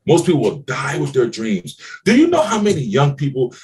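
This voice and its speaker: A man's voice: a little high, wildly swooping pitch, a little fast, darkish tone. A middle-aged man giving blunt, preachy business advice in a podcast conversation, swearing freely and hammering his points home. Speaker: business mentor. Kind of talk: motivational podcast talk.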